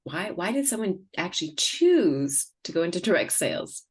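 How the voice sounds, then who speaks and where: A woman's voice: very animated, moderate pace, slightly rough. Bubbly woman hosting a podcast. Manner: bubbly and encouraging, with pitch jumps and laughs. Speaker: podcast host. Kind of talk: casual interview conversation.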